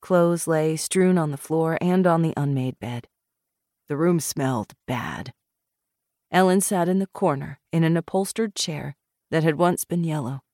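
A woman narrates a novel in measured, expressive scripted narration. Her voice sits low. The recording is dry and close on a studio mic. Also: no echo. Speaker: audiobook narrator.

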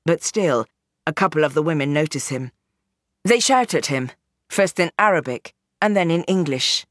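A woman narrating a novel as an audiobook in an expressive, dramatic reading. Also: low-pitched, moderate pace, dry recording, studio quality. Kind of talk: scripted narration.

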